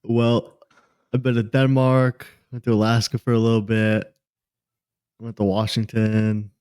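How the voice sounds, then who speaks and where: A young man chatting on a podcast in a halting, easygoing way, full of pauses and fillers. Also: lowish voice, level tone, a little mellow, clear, resonant tone, no echo, studio quality. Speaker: podcast co-host. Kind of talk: casual podcast chat.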